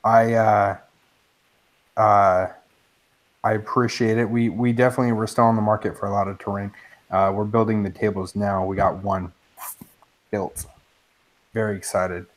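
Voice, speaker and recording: Excitable man co-hosting a live chat. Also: lowish voice, normal speed, long pauses. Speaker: podcast co-host. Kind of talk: casual live-stream chat.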